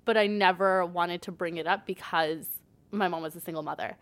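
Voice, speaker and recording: A woman's voice: lowish voice, fairly even intonation, fairly quick, fairly bright tone. Young woman from Canada, chatty guest who relays stories through acted dialogue. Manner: chatty, says "like" constantly, acts out quoted dialogue. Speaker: podcast guest. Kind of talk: casual storytelling chat.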